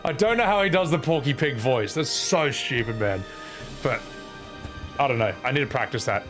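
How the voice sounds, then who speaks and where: A man's voice: mid-range voice, lively intonation, normal speed, over music. A young man streaming a game, rambling and joking at himself in casual commentary. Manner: rambling, jokey, self-mocking.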